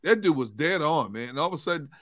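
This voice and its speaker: A man's voice: a little high, expressive, fast, fairly bright tone, no room sound, studio quality. A man co-hosting a sports talk show as a reporter, reeling off statistics and facts in easy conversation. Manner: rattles off stats and facts.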